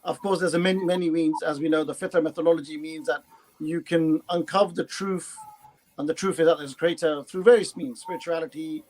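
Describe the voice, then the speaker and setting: A man's voice: on the high side, fairly even intonation, a little mellow, poor audio. Earnest man with a faint hiss behind. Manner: earnest, halting explanations with fillers. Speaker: panelist. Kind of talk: casual panel chat.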